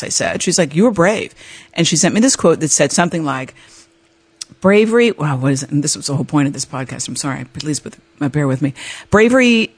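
A woman hosting a podcast, telling a personal story in an emotional, animated way, with laughs and restarts. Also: low-pitched, dry recording. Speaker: podcast host.

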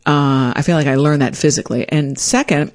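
Animated woman telling a personal story. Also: brisk. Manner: animated, acts out her own quoted lines with big pitch jumps; self-deprecating, reflective.

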